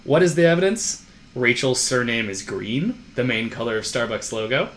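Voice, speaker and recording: A young man co-hosting a casual podcast, explaining ideas earnestly and quickly. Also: mid-range voice, expressive, slight background noise. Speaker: podcast co-host and editor.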